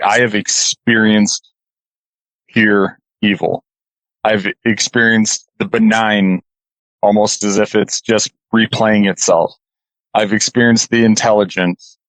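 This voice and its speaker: A man telling a deeply personal story as a radio interview guest, earnest and halting, holding back tears. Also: dry recording, low-quality recording. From California.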